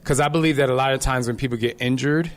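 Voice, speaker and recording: A man hosts a live podcast at a venue, his voice sitting in an ordinary middle pitch. He tells stories in an animated, direct way and speaks to his listeners like old friends, dropping in laughing asides. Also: fast talker. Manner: lively and direct, addresses listeners casually. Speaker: podcast host and fitness trainer. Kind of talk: live podcast talk to an audience.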